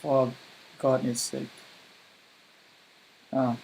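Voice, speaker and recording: A man's voice: mid-range voice, completely flat delivery, drawn-out words, vocal fry, a little mellow, slight background noise, low-quality recording. A man streaming a strategy game live, commenting as he plays, swearing often in frustrated outbursts, with non-native English grammar. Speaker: gaming streamer.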